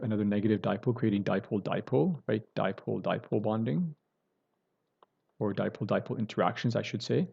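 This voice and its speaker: A man's voice: lowish voice, gravelly, breathy edge, highs cut off. A man teaching a recorded chemistry lecture, explaining step by step and often checking in with "right?" and correcting himself as he goes.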